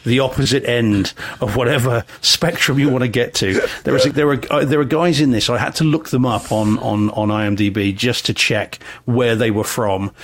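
A man's voice: medium pitch, fairly bright tone. A man chatting casually as a podcast co-host, with lots of ums and restarts. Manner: chatty, self-deprecating, many ums and restarts.

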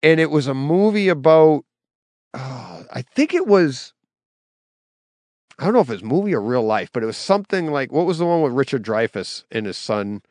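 A middle-aged man, co-hosting a podcast and telling stories in a lively, laughing way. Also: medium pitch, normal speed, no echo. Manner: animated storyteller, laughs easily. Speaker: podcast co-host. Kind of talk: casual chat.

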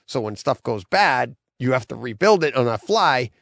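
Middle-aged male podcast host, gravelly, dry close sound, rambling casual storyteller. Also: medium pitch, sing-song, moderate pace, a bit bright, no echo. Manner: rambling storyteller, acts out his own quotes.

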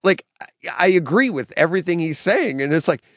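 A man's voice: a little high, sing-song, a little fast, dry recording. A man hosting a podcast in casual chat, rambling and laughing, with frequent restarts. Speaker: podcast host.

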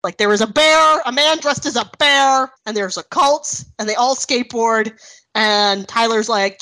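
A woman with a Canadian accent co-hosting a podcast in casual chat, animated and laughing often as she acts out quotes. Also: on the high side, normal speed, poor audio. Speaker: podcast co-host.

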